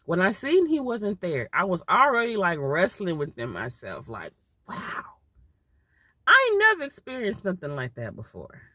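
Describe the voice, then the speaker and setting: Heartfelt woman telling a story, lively pitch. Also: moderate pace, no room sound. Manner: emotional, heartfelt, repetitive. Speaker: mother telling a personal story. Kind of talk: casual storytime.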